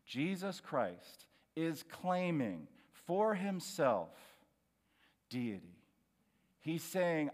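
A man preaching with a lively, swooping delivery, leaning hard on his key phrases. He takes his time, speaking slowly and deliberately. His voice rings out in a church hall with a long reverb tail. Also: fairly high pitch. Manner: emphatic, slows and rises on key phrases. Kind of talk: sermon.

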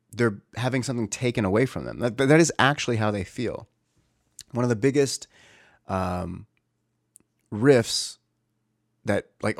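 A man's voice: on the low side, dry recording, clean studio sound. A young man candidly recounting a family conflict in casual speech, often stopping to correct himself. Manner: candid, searching, restarts often. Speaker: storyteller. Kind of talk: casual personal storytelling.

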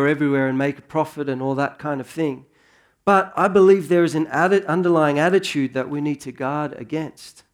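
A pastor in his thirties, his voice a little high, preaches in a relaxed, conversational manner that builds into earnest emphasis.

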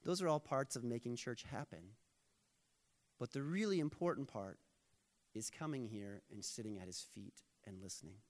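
A male pastor giving a sermon in a relaxed, conversational way. He jokes easily with the room and turns earnest when he makes his point, and his voice sits at an ordinary male pitch. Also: moderate pace.

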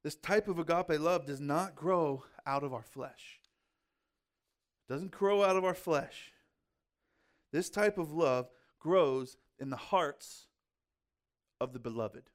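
A man's voice: on the high side, slow pace, long pauses. A man preaching a sermon in a conversational way, with rhetorical questions and casual asides. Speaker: pastor.

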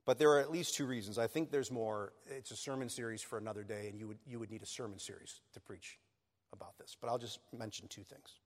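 A man's voice: on the low side, fairly even intonation, fast talker. A man preaching a sermon as pastor, earnest and building to emphatic peaks. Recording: long reverb of a church hall.

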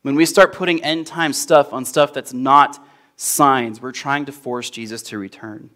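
A young adult man preaching a sermon as pastor, in a conversational storytelling manner that grows animated in anecdotes. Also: medium pitch, measured pace.

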